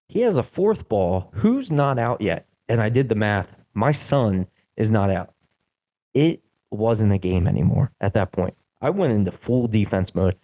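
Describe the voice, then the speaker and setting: A young man hosting a podcast, telling a casual story in an animated way, with lots of "like" fillers. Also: fairly low pitch, highs cut off. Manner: animated, acts out quotes, many "like" fillers. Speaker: podcast host.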